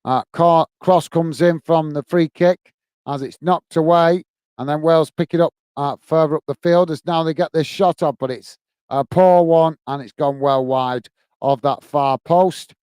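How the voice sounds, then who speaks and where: Hosting a live football watch-along, a UK man calls the action and banters with viewers, reading their comments and naming them in thanks. His voice is on the high side, steady, smooth and darkish, a little slow, in a dry recording with clean studio sound. Fillers and restarts crop up constantly in his friendly chat.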